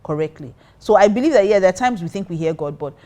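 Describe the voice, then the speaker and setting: Woman, low-pitched, animated storytelling, acts out her side of conversations. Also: fast talker. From Nigeria. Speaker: pastor and co-host. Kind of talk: casual storytelling.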